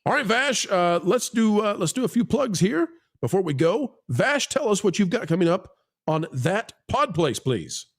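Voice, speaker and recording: A male host runs a casual livestream panel, teasing his guests and rambling through plugs with plenty of filler words. His voice sits slightly higher than most men's. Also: very animated, moderate pace.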